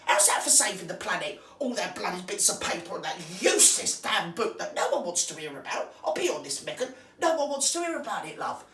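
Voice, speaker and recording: A woman's voice: fairly high pitch, a bit bright. A woman doing a crude, scornful comic rant about gossip. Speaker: comic character host. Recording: roomy, distant from the mic.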